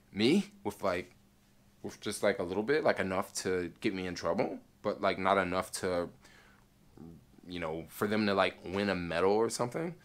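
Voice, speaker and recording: A man vlogger telling a travel story in a casual way, full of fillers and acting out the lines of others. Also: fairly low pitch. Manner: animated, many fillers, acts out soldiers' lines.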